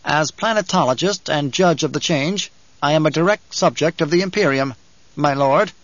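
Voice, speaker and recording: A man's voice: fairly high pitch, normal speed, fairly bright tone, no room sound, dull audio, natural voice. A man voicing a stiff, curt desert scientist. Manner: curt and wary. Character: stiff, guarded male desert planetologist. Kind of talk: audiobook character reading.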